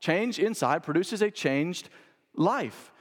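A male pastor preaching a sermon, stressing key phrases by repeating them and moving from loud to hushed. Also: high-pitched, animated, takes it slowly. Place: church sanctuary. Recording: long reverb of a church hall.

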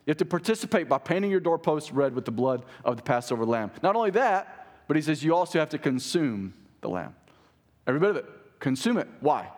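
A man's voice: on the high side, big pitch swings, fairly quick. Emphatic man preaching a sermon. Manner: emphatic, swings from raised to hushed. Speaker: pastor.

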